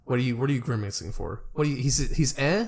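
A man's voice: medium pitch, fast talker, a little mellow. A young man co-hosting a casual sports podcast, rambling loosely and joking with friends. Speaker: podcast co-host.

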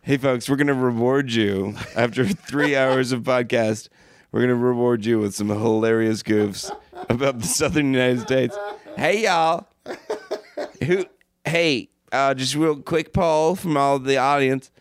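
A man co-hosting a podcast, trading quick jokes in casual comedic chat. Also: medium pitch. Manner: joking, quick banter. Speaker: podcast co-host.

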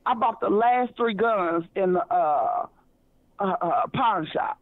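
A woman's voice: mid-range voice, lively intonation, takes it slowly, no room sound. A woman caller from Kansas City, Missouri, talks in a loose, rambling way, stammering and repeating herself as she goes. Her voice comes through a thin, tinny phone line with no room sound around it. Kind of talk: radio call-in chat.

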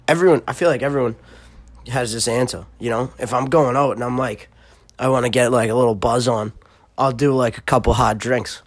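A man's voice: medium pitch, dry recording. A young man with a Boston accent, hosting a solo podcast in a rambling, profane, filler-heavy way. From Massachusetts. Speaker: podcast host. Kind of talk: casual solo podcast chat.

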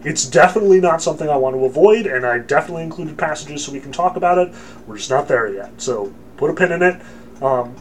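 Chatty male lecturer, emphatic and joking, slightly high-pitched. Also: slight background noise. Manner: lively, joking, emphatic, with many fillers. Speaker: religion lecturer. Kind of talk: casual lecture.

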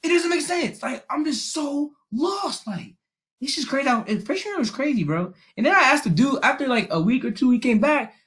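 A young adult co-host telling a long high school story in casual slang, acting out what people said. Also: fairly quick. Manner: animated storyteller, heavy slang, acts out quotes.

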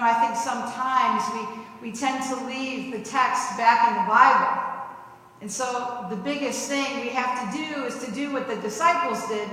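A woman's voice: fairly high pitch, sharp tone, slight background noise. A middle-aged woman pastor preaching a conversational, vivid sermon full of rhetorical questions, recorded in a church sanctuary. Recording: echoey church hall.

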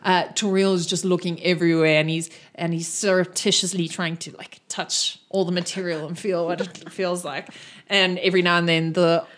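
A woman's voice: fairly low pitch, level tone, moderate pace, a little hiss or hum. Woman, game master, tabletop narration, chatty, filler words. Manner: descriptive, with many fillers.

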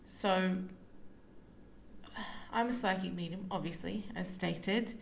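A woman's voice: fairly low pitch, slow, creaky, slight background noise. Sleepy, rambling woman podcast host. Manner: relaxed, sleepy, rambling with many fillers. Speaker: podcast host and psychic medium. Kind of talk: casual solo podcast musing. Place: lying down at home.

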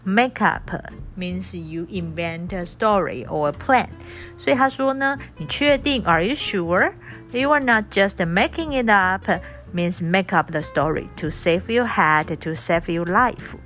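Female teacher, unhurried read-aloud with word explanations, soft guitar bed underneath. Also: fairly low pitch. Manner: spells out words letter by letter, switching between languages to explain. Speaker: English teacher. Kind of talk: reading a storybook aloud and explaining words.

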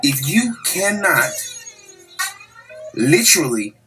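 A man's voice: on the high side, very animated, takes it slowly, bright, forceful tone, faint music behind, low-quality recording. An angry man delivering a heated, profane podcast monologue, repeating himself as he rants. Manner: heated, profane, repetitive ranting.

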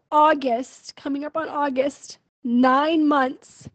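A woman's voice: high voice, dry recording, muffled recording. A young woman venting her frustration in a personal video diary, emotional and full of fillers. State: pregnant. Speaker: vlogger.

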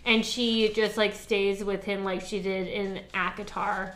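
A woman's voice: mid-range voice, level tone, a little slow, fairly bright tone, roomy sound. A woman co-hosting a casual book podcast, gushing and emotional, swearing freely and filling her talk with "like". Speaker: podcast co-host. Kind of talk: casual chat.

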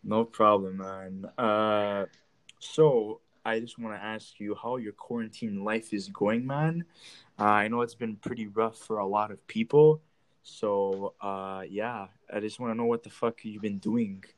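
A man's voice: on the low side, steady tone, unhurried. Young man ranting with lots of swearing. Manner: rambling, profane storytelling. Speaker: podcast host. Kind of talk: casual monologue and chat.

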